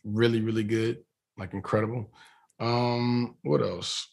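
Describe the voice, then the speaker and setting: A man's voice: fairly low pitch, little pitch movement, unhurried, creaky, a little mellow. A man being interviewed as an actor, chatting casually and rambling with many restarts and fillers.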